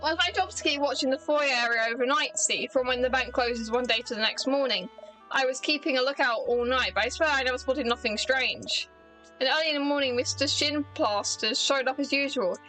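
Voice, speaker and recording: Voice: high voice, fairly quick, pushed and bright, rough recording. A British streamer voicing a nervous male bank security guard in a video game, reading his lines plainly over faint game music. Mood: worried. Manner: plain dialogue reading, folksy phrasing.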